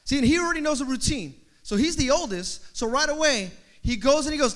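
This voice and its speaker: High-voiced, bright man preaching. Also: expressive, fairly quick, few pauses. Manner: preacher cadence, rising emphatic repetitions; humorous asides and storytelling. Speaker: pastor. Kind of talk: sermon.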